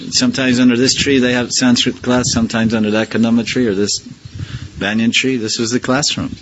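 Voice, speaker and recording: A man with a medium-pitched voice leads a scripture class, speaking loosely and conversationally as a spiritual teacher. He peppers his listeners with rhetorical questions and chuckles from time to time. There's a faint hiss or hum on the recording.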